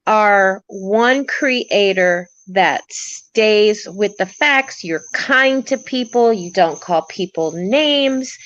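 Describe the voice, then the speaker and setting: A woman guest on a livestream heaps warm, encouraging praise on the host in casual chat. Her voice comes through a dull, muffled line with a dry, close sound and no room around it. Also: mid-range voice, dry recording. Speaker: guest and channel moderator.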